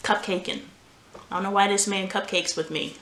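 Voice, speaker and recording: A woman's voice: medium pitch, fairly even intonation, a little fast, a bit bright. A woman vlogger and mother telling candid stories in casual chat while doing laundry at home. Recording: roomy home echo, faint noise.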